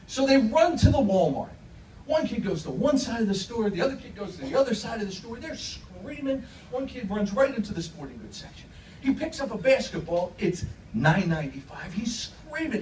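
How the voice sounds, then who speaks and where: A man tells jokes from a comedy club stage, his voice high and swooping as he acts out each character. He is heard from a distance, and the room echoes around him. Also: sing-song, brisk, a little mellow, a little hiss or hum. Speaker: stand-up comedian. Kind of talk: stand-up joke telling.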